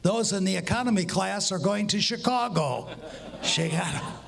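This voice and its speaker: A man's voice: high voice, expressive, vocal fry. A man telling long jokes at a comedy session, acting out the dialogue and drawing out the punchlines. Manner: story jokes acted out with quoted dialogue, drawn-out punchlines. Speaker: walk-on joke teller. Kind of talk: stand-up joke telling.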